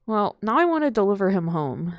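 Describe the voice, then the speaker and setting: A woman's voice: medium pitch, sing-song, brisk, no echo. A young woman live-streaming a game, rambling in casual chat and full of "like" fillers. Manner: rambling, heavy use of "like" fillers; chatty and playful.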